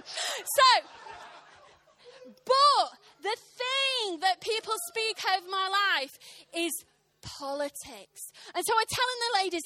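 A woman in her thirties preaching a sermon, telling a funny story with animated, impassioned, punchy delivery to a church congregation. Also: high-pitched, no echo. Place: church service.

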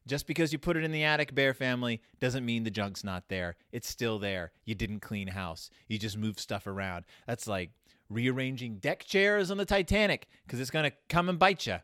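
Recorded dry at studio quality, this man talks at normal speed. As a podcast host, he gives a sarcastic, meandering review of a children's book, his pitch and volume swinging animatedly.

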